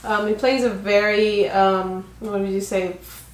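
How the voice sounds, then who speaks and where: A woman recaps a movie's story in a relaxed, chatty way, leaning on fillers as she goes. Her voice sits at a middle pitch. The room has a noticeable echo. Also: a little slow. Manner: chatty, many fillers, summarizing the plot. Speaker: co-host of a couple's film review. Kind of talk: casual movie review chat.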